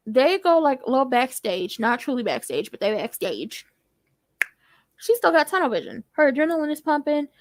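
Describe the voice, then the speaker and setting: A woman giving a casual TV episode recap, sassy and animated with playful asides. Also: a little high, no room sound. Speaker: TV recap YouTuber.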